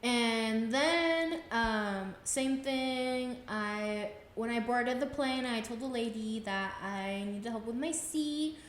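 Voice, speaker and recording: Young woman, twenties, from Texas, casual podcast host, chatty storyteller, fairly high voice, echoey room. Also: slow, few pauses, a little hiss or hum. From Texas, USA. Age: 20s. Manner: chatty, acts out her own reactions with "I was like".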